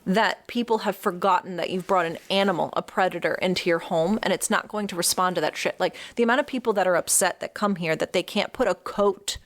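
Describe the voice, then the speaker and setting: A woman's voice: on the low side, fairly quick, hardly any pauses. A woman dog trainer talking frankly on a podcast, swearing freely as she explains her views. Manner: frank, swears freely, acts out owners' voices. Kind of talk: casual podcast chat.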